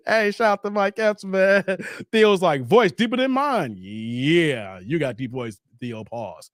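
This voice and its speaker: A man hosts a casual stream and riffs on viewer comments. His voice sits high and swings widely as he laughs and jokes. The sound is close and dry, with no room around it. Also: slow, dry recording. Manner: animated, laughing, slang-heavy banter. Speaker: host reading viewer comments.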